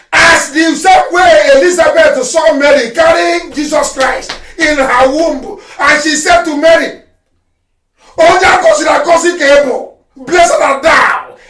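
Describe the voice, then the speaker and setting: A man with a Nigerian accent giving an impassioned live radio address, fiery and mocking, often breaking into shouts. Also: very high-pitched. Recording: roomy and distant from the mic.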